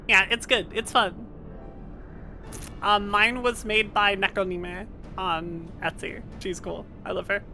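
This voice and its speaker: A young woman streaming a game, chatting casually with animated, profane remarks and frequent laughter. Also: mid-range voice, a little slow, faint music behind. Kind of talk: casual live-stream chat while gaming.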